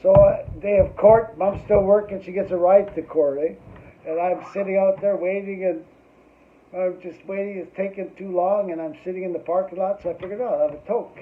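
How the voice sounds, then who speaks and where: A man in middle age tells a loose, foul-mouthed story and keeps tacking "eh" onto his sentences. His voice sits high for a man. The sound is thin and boxy, like it came down a phone line. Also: fairly even intonation, moderate pace. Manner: rambling and profane, tags lines with "eh". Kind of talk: casual anecdote.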